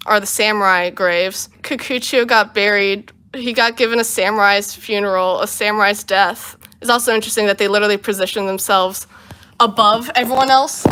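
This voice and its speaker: A woman in her twenties hosting a home livestream, casually recapping a film with animated storytelling and voiced asides, tired and running on little sleep. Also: medium pitch, moderate pace. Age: 20s. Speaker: livestream host.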